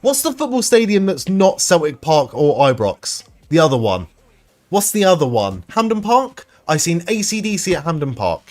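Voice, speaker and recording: A man's voice: a little high, sing-song, moderate pace, darkish tone. A man hosting a live stream, chatting casually with viewers, rambling and swearing freely. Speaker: livestream host reading chat.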